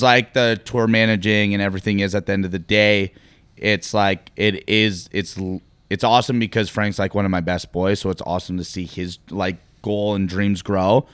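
A man's voice: low-pitched, clean tone, no echo. A man in his thirties, a podcast guest, talking casually and rambling with lots of filler words. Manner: relaxed, rambling with many fillers. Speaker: podcast guest, event producer. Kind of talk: casual conversation.

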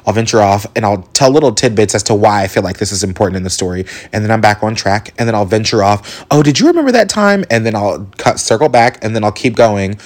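Man, twenties, podcast host, low voice, rambling, candid, swears a lot. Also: steady tone, fast talker, hardly any pauses. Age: 20s. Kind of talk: casual solo podcast monologue.

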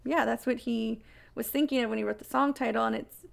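Podcast co-host, female, gravelly and rambling, casual chat. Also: a little high, fairly even intonation, brisk. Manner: rambling, many fillers and restarts.

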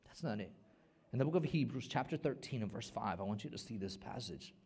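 A middle-aged man, a pastor, preaching a sermon with big swings between loud and soft and repeating words as he builds a point. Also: medium pitch, animated, brisk, husky.

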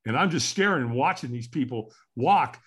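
Animated older guy telling a story on a podcast, jumps around in pitch, acts out the quotes. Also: moderate pace, husky. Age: 60s. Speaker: podcast guest.

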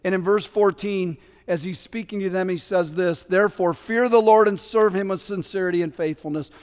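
Animated preacher, high voice, echoing sanctuary. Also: male voice, normal speed, clear, resonant tone. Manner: animated, acts out scripture voices, conversational asides. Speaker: pastor. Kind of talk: sermon. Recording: long hall reverb.

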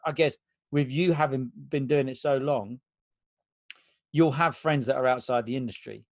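A man's voice: medium pitch, moderate pace, darkish tone, no echo, studio quality. A man hosting a podcast, chatting casually and prompting his guest with short questions. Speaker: podcast host. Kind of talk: casual interview chat.

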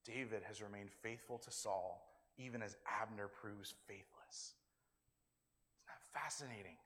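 A man's voice: fairly low pitch, unhurried, fairly bright tone. A male pastor preaching a sermon in a conversational way, acting out the quoted lines with his own voice. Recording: long hall reverb.

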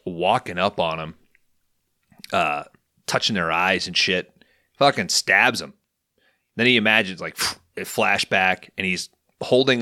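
A man's voice: deep voice, pushed and bright. A man hosting a podcast, casually retelling a film's plot with plenty of profanity. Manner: profane, storytelling. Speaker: podcast host. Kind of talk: casual recap of a film.

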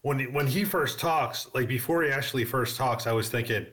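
A man's voice: medium pitch, brisk, few pauses, fairly bright tone. A man chatting casually on a podcast, rambling with many fillers and restarts. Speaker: podcast co-host. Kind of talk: casual movie discussion.

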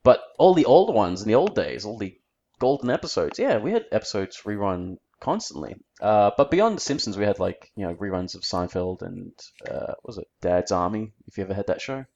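A man's voice: on the low side, big pitch swings, brisk, darkish tone, lo-fi sound. An Australian man chatting casually as a podcast co-host, rambling easily and searching for his words. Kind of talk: casual chat.

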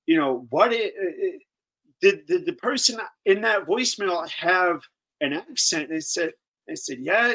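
Halting, bright-voiced male guest. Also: on the high side, poor audio. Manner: halting, repeats words, flustered. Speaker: guest on a live show. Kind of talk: live talk show discussion.

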